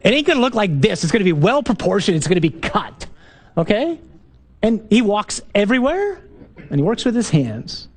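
A man, a priest, giving an emphatic, animated talk to a parish group, full of rhetorical questions and punchy repeated lines. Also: high-pitched, normal speed.

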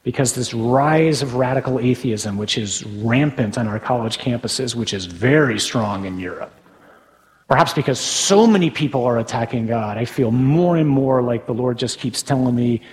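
Conversational priest preaching in a church. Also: male voice, medium pitch, moderate pace, long reverb tail, poor audio. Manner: conversational, with tag questions. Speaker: Catholic priest. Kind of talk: sermon.

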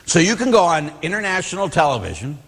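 A man who is a Catholic priest teaching a class, telling stories in a blunt, animated way. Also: fairly high pitch, fast, gravelly, breathy edge, big-room sound.

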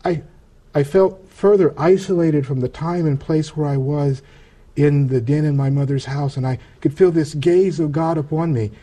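A man appearing as an interview guest shares a personal testimony, speaking earnestly and haltingly and frequently starting his sentences over. His voice sits fairly high, with a steady, warm tone.

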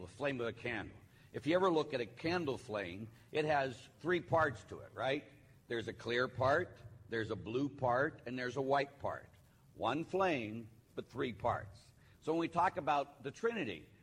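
A man, a Catholic priest, giving a sermon in a relaxed, conversational storytelling manner with playful asides. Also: medium pitch, husky. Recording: long hall reverb.

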